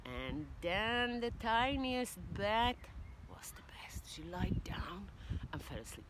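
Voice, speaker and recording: A woman casually telling a children's story to viewers outdoors, unhurried and with hesitations. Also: mid-range voice, very animated, noisy background.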